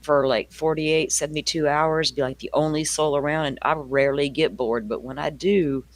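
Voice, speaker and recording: His voice sits on the high side, with fairly even intonation and a moderate pace. An older man with a Southern US accent, he hosts a true crime livestream where he casually chats with live viewers, greeting each by name and laughing frequently.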